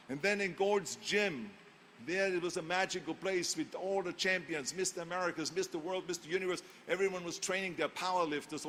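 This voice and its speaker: A man's voice: fairly high pitch, fairly bright tone, slight background noise. An older man with a German accent and German as his first language, giving a commencement speech in an emphatic, punchy storytelling style with self-mocking humor. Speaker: commencement speaker. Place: large commencement venue.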